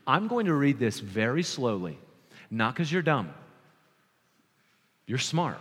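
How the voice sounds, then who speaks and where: A man preaching a sermon as pastor, earnest and emphatic, slowing down to repeat his key points. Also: mid-range voice, big pitch swings, a bit bright, big-room sound.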